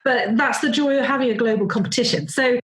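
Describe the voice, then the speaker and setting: A woman's voice: on the high side, quick pace, rough recording. Chatty woman hosting a podcast. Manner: chatty, rambling, with fillers and laughs. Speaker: podcast host. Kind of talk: casual podcast chat.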